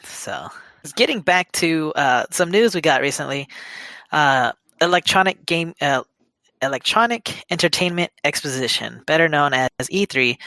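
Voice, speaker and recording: A man co-hosting a podcast, chatting casually about gaming news, rambling with fillers and quick self-corrections. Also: a little high, sharp tone, no room sound. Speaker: podcast co-host. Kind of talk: casual chat.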